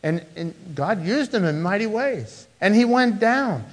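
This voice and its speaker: Male pastor with a slightly higher voice, earnest sermon delivery, loud-to-hushed swings. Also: lively intonation, unhurried. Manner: repeats and restarts words.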